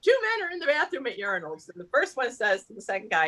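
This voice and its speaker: A woman telling jokes to a live audience at a community evening, animated, laughing at her own punchlines and shifting her voice for each character. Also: on the high side, racing, few pauses, breathy edge, rough recording. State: tired. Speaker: amateur comedian at a community event.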